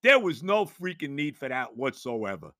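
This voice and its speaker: A sports talk host ranting in exasperation, stumbling over repeated words and breaking into shouts. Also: male voice, medium pitch, sing-song, moderate pace, no echo, studio quality. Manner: exasperated, ranting, stammering restarts, bursts of shouting.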